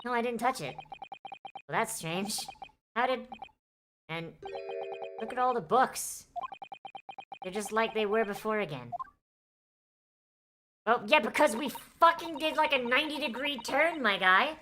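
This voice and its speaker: A woman streams a mystery game as a let's-play, voicing the characters aloud and breaking off for sardonic asides where she swears freely. Her slightly high voice is expressive, unhurried, bright and forceful, with long pauses. Soft music plays in the background.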